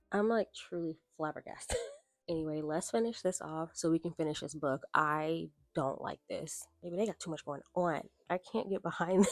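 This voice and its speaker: A woman's voice: lowish voice, a little mellow, no echo. A woman reviewing books in a casual vlog, reacting with incredulous, exasperated commentary and calling her viewers y'all. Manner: addresses viewers as y'all, baby, child. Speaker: book vlogger.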